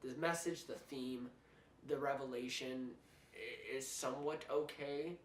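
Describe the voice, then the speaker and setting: Young man, blunt animated movie rant, roomy echo, distant mic, faint hiss. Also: medium pitch, unhurried. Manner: blunt, animated ranting with restarts. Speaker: movie reviewer host. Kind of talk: casual film review chat.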